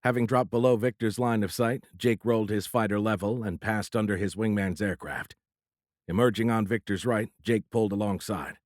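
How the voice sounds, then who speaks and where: A male audiobook narrator with a low voice, reading in a steady, measured way. The recording is close-miked and dry, with no room sound behind it. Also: no echo. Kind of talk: scripted narration.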